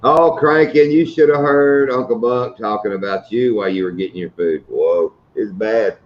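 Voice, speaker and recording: A man's voice: lowish voice, moderate pace, darkish tone, highs cut off. A middle-aged man hosting a live stream, chatting casually and telling funny stories. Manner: joking storyteller, laughs at his own stories. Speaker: host of a fishing channel live stream.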